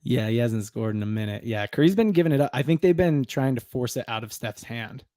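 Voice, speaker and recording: A man's voice: mid-range voice, lively intonation, brisk, mellow, dry recording, studio quality. A man hosting a podcast, chatting casually about a game and running a giveaway, laughing easily and turning upbeat when he announces prizes. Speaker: podcast host. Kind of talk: casual sports chat, watch-party giveaway.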